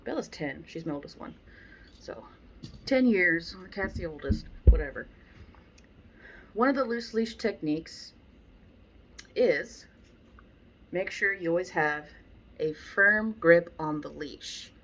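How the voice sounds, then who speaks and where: Blunt, animated woman dog trainer. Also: lowish voice, slow pace, pauses often, a little hiss or hum. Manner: animated, acts out people she describes; blunt, exasperated asides. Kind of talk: casual instructional talk.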